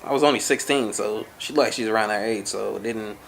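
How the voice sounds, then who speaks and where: A young man recounts a personal story in a relaxed, conversational vlog, slipping into the voices of the people he quotes. His low voice has a gravelly, creaky edge. A faint hiss of noise sits under the recording. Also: fast. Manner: conversational, many fillers, acts out quoted lines. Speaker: vlogger telling a personal story. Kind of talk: casual storytelling. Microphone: camera-mounted shotgun mic.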